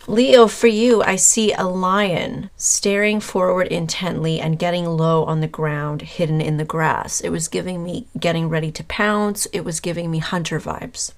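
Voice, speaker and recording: A tarot reader with a somewhat low voice gives a casual reading, addressing her viewer directly at a measured pace with fairly even intonation and hardly any pauses. Her talk is loose and rambling, and she often stops on fillers while searching for the right word.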